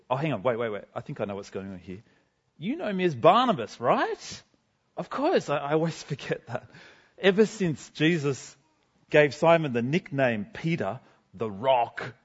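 A man's voice: fairly high pitch, husky, dull audio, exaggerated voice. A man playing a bubbly, chatty Barnabas. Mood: upbeat. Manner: chatty, self-deprecating, bubbly. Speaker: guest speaker. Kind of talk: first-person character sermon. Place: school gym.

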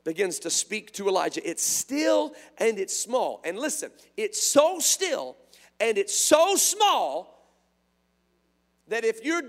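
A man preaching an impassioned sermon, swinging between hushed tones and shouts, his voice strained. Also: high-pitched, sing-song, takes it slowly. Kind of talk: revival sermon. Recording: reverberant hall sound.

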